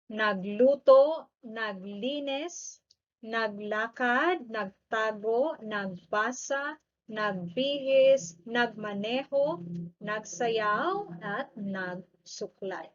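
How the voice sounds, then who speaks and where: A woman with a fairly high voice teaches a grammar lesson as a language teacher, slowly drilling by repeating every word twice with patience. The highs are cut off in the recording.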